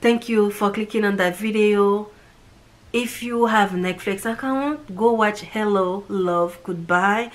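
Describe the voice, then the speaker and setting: Slow-talking woman gushing over a movie. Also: mid-range voice. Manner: gushing, repeats praise words over and over. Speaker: movie reviewer. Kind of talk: casual chat.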